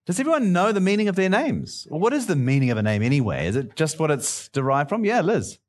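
Male pastor, middle-aged, jokey sermon delivery, lively and somewhat high. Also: fast talker. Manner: playful, bantering with the congregation.

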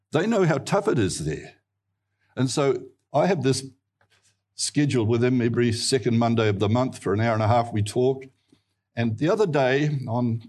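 A man with a New Zealand accent preaching a sermon, telling stories earnestly and rising in pitch for emphasis. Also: darkish tone, husky. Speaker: pastor.

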